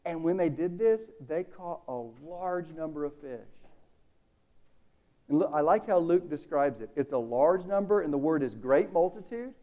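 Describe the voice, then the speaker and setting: A man preaching a sermon, casual and animated, acting out the dialogue in the story. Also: a little high, moderate pace, muffled recording.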